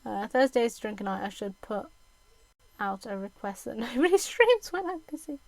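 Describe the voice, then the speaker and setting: A woman's voice: a little high, big pitch swings, normal speed, vocal fry, no echo, poor audio. A young British woman with a mixed, mostly Southern English accent, chatting casually with her stream viewers, with lots of ums and restarts.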